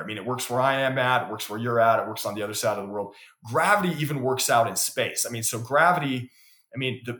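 A man's voice: medium pitch, fairly bright tone. A man talking as a podcast guest, telling stories in an earnest way and often repeating words as he builds to a point. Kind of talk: conversational storytelling. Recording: roomy echo.

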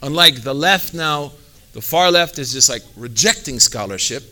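A man's voice: medium pitch, expressive, moderate pace, pushed and bright. A man, an Islamic teacher, giving a conversational religious talk, full of fillers and sprinkled with Arabic phrases.

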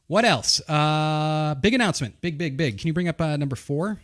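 A man's voice: on the high side, normal speed. Rambling New England man hosting a show. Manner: rambling, loose, self-correcting, joking. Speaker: podcast host. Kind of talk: casual show announcements. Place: studio.

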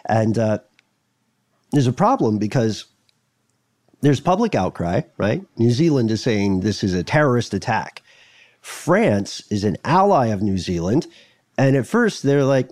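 A man's voice: mid-range voice, big pitch swings, normal speed, a little mellow, dry recording, studio quality. A man co-hosting a podcast, telling a story in a casual, jokey way and slipping into mock voices. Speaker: podcast co-host.

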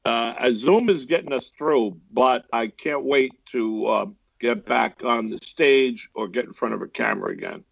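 A man from the Bronx with a New York accent, a guest actor chatting in a relaxed way with frequent pauses over a video call. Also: mid-range voice, creaky, no echo, dull audio. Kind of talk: casual interview chat.

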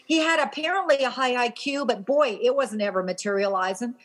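Female educator guest in her fifties, fairly high voice, emphatic, animated storyteller. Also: brisk. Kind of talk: storytelling in an interview.

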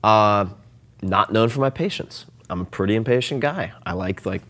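A man talking as a guest in a casual interview, animated and self-deprecating, often restarting and filling with "like". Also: lowish voice, moderate pace, a little hiss or hum. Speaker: podcast guest.

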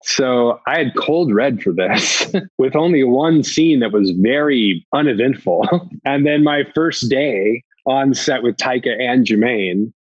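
A man, an actor, telling lively anecdotes in an interview and slipping into quick impressions of other people. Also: medium pitch, slightly rough, dry recording, muffled recording. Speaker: actor guest.

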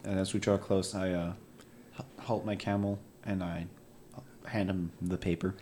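A man's voice: deep voice, little pitch movement, moderate pace, dark tone. A man playing a tabletop game with friends, talking eagerly and rambling, often cutting himself off. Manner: eager, rambling, self-interrupting. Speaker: player. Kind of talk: casual tabletop game chat.

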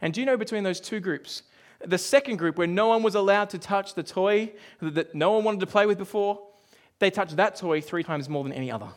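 Male pastor, high voice, chatty sermon delivery with asides and hushed drops. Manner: conversational storytelling with asides and quick dips to a hush.

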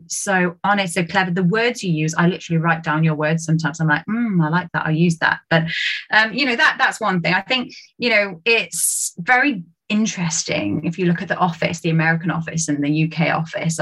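Lively British woman, bright tone. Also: fairly quick. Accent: British English. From United Kingdom. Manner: animated, laughs often, jumps high when quoting people. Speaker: podcast guest, sales trainer. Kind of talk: casual podcast chat.

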